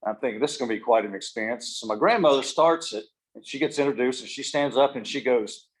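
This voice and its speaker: A man's voice: medium pitch, quick pace, slightly rough. Folksy man giving a keynote. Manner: folksy, self-deprecating, joking. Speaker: keynote speaker. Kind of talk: humorous motivational speech.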